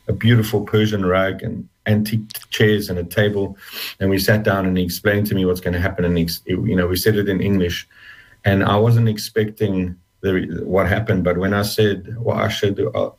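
Male interview guest, low husky voice, halting reflective delivery, emotional. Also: low-quality recording. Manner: halting, reflective, with many restarts. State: emotional, close to tears. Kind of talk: personal testimony in an interview.

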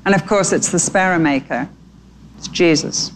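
Sex: woman. Role: preacher. Style: animated storytelling sermon, lowish voice. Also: normal speed, slight background noise, rough recording.

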